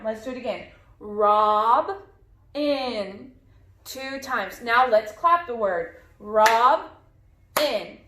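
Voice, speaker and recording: A woman teacher walks young children through short vowel sounds, stretching each sound out slowly and repeating it for them to echo. Her voice sits a little high, and it rings in an echoey room. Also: fairly bright tone. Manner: slow, clear, drawn-out modeling of sounds with repetition. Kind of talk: phonics lesson for young children.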